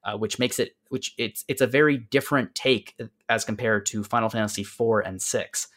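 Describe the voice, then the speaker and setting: A man hosting a casual podcast, recapping a game's story with lots of fillers and restarts, dropping to quiet asides. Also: lowish voice, fairly even intonation, moderate pace. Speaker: podcast host.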